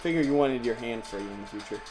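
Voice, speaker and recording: A man narrating as game master, animated and laughing often, with faint music behind. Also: medium pitch, fast talker. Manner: animated, laughs often, acts out villains in yelps.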